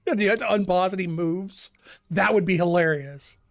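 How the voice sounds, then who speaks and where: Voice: mid-range voice, moderate pace, no echo, studio quality. A game streamer chatting casually during a live stream, rambling, restarting sentences and laughing often.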